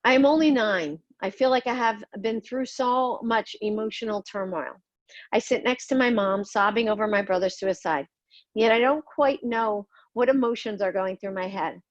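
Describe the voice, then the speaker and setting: A middle-aged podcast host, a woman, narrates her own life story in a somber, confessional memoir, blunt and occasionally swearing. Her voice is medium-pitched and moderately paced, recorded lo-fi with no echo.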